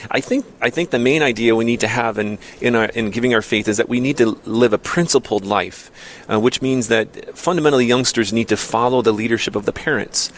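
A man giving measured, earnest answers in a casual faith discussion, often repeating words as he thinks. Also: mid-range voice, slight background noise. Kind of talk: casual Catholic Q&A talk.

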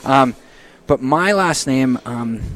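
A man's voice: mid-range voice, animated, takes it slowly, a bit bright, a little hiss or hum. A man from Minnesota who is a priest, hosting a casual radio chat in a studio, friendly and speaking with frequent ums. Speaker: radio show host and priest.

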